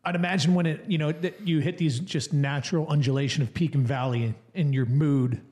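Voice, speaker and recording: A man's voice: fairly high pitch, steady tone, a little fast, a little mellow. A man hosting a casual podcast conversation, loose and chatty with offhand asides.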